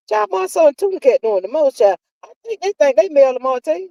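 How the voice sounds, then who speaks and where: A woman's voice: high voice, big pitch swings, a little fast, gravelly, warm tone, no echo, muffled recording. A woman, hosting a live stream and gossiping casually with viewers, sassy and drawling, calling everyone child and honey. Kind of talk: casual gossip chat reading viewer comments.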